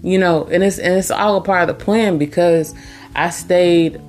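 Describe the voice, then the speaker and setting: A woman's voice: fairly low pitch, fairly even intonation, moderate pace, a little mellow, faint music behind. A woman hosting her own podcast, talking earnestly and emphatically, repeating her key points. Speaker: podcast host. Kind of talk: casual motivational monologue.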